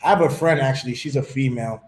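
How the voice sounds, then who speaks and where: A man hosting a casual chat, telling stories in an animated way and dropping Spanish words into his talk. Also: medium pitch, fast, a little hiss or hum. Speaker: host. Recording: roomy echo.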